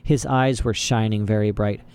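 A man's voice: lowish voice, steady tone, normal speed, darkish tone, smooth. A man reading a storybook aloud as narrator, with dry, wry asides. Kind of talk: audiobook narration.

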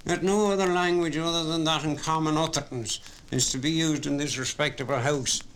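Man voicing a pompous bartender, emphatic, high and loud. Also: fairly even intonation, a little fast, a little hiss or hum. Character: fussy male bartender, emphatic.

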